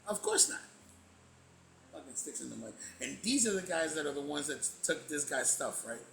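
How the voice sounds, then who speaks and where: A man's voice: a little high, very animated, normal speed, vocal fry, a bit bright, roomy sound, slight background noise. A man playing a tabletop game, joking and swearing in casual chat. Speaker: player.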